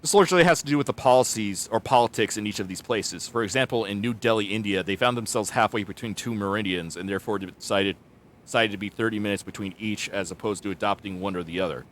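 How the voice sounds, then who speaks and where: A man's voice: on the low side, fast, a bit bright, slight background noise. A man streaming a game live and chatting loosely, rambling with many restarts. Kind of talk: live gameplay commentary.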